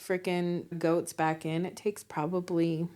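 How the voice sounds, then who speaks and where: Woman, 40s, podcast co-host, lower voice, lively storyteller, acts out quotes, laughs a lot. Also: unhurried. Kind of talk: casual chat.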